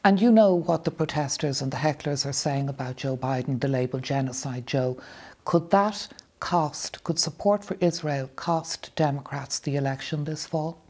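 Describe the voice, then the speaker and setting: A woman's voice: sits low, moderate pace, a little mellow, slightly rough. A woman interviewer asking brief, pointed questions in a news interview.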